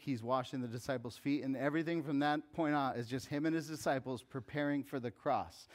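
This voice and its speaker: High-voiced pastor preaching with force. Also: male voice. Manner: swings from hushed and intimate to loud emphatic calls. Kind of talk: sermon.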